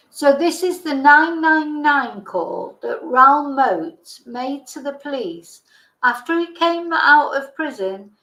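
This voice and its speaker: Female livestream host, casual true-crime narration, hesitant and chatty; slightly high pitch, roomy echo. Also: sharp tone. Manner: chatty, hesitant, with ums and restarts.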